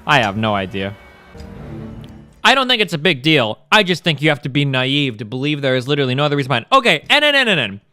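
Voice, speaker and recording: A man's voice: fairly high pitch, big pitch swings, quick pace, bright, forceful tone, dry recording, clean studio sound, faint music behind. A male streamer delivering profane, combative and sarcastic commentary at a desk mic. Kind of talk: ranting commentary.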